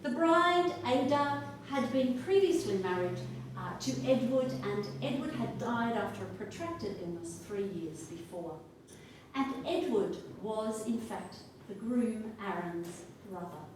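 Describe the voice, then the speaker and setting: A woman with an Australian accent telling a folk tale aloud, with a lilting, expressive delivery that drops to a hush in quiet passages. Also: medium pitch. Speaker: storyteller. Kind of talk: oral folk storytelling. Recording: echoey room, distant mic, faint noise.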